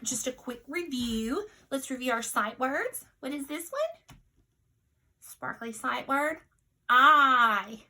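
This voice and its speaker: A high, bright-voiced woman leads a children's phonics lesson, sounding out each word letter by letter at an unhurried pace. She stays patient and cheerful, calling her viewers friends, and her voice sits a little away from the mic. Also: distant mic, poor audio. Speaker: teacher. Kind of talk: early-reader phonics lesson.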